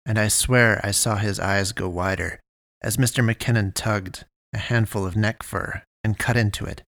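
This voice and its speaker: A man narrating a first-person story in a measured, deliberate way. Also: on the low side, steady tone, gravelly, a bit bright, dry recording.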